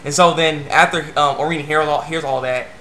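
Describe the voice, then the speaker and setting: A man rambling casually through an anime episode review, breaking into squeaky voices for quoted characters. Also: steady tone, brisk, sharp tone, reverberant, slight background noise.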